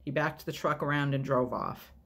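A man reads a novel aloud as a storyteller, in a steady, measured, unhurried way. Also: fairly high pitch, vocal fry.

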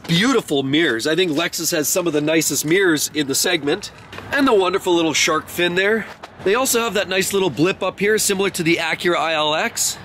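A man's voice: high-pitched, fairly bright tone, slight background noise. A man doing an enthusiastic walkaround of cars, praising each detail. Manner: effusive, praising every detail. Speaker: car reviewer. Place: outdoors beside parked cars.

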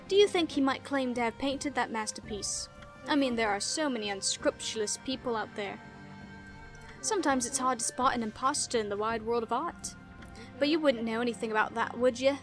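Woman putting on a sly young man with a British accent, teasing, theatrical, high voice. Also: natural voice. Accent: British put-on. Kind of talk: reading game dialogue aloud.

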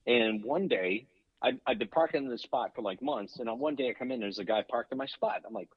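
A husky-voiced man speaks over a dull, muffled phone line, and the sound is dry. He is a voice actor who tells stories in an animated way and often slides into other voices along the way. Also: mid-range voice, fairly quick, no echo. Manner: animated, slips in and out of impressions. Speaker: guest voice actor and impressionist. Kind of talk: casual storytelling on a radio call-in.

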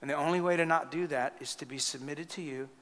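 Pastor type, bright and fairly high voice, lively storytelling sermon, church reverb. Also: male voice, quick pace. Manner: animated storytelling, laughing at his own stories. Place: church sanctuary. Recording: long church hall reverb.

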